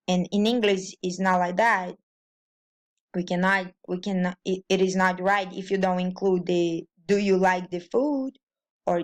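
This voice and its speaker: A woman from Brazil with a Brazilian Portuguese accent, explaining pronunciation and grammar as a language teacher, with frequent restarts and fillers. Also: fairly low pitch.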